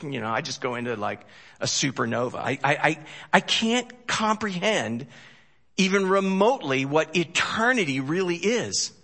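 A man preaching a sermon in a folksy, joking way, swinging from loud emphasis to hushed storytelling. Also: on the high side, big pitch swings, normal speed. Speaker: pastor.

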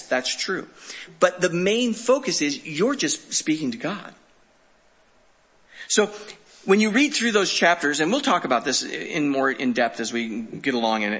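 A man's voice: a little high, bright, forceful tone, slightly rough. A man preaching a conversational sermon and teaching through scripture with rhetorical questions. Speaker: pastor.

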